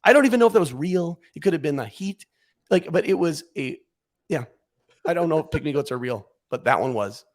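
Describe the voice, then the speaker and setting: A man as a podcast guest, telling a comic story in a casual, animated way, acting out what he and others said. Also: on the high side, brisk.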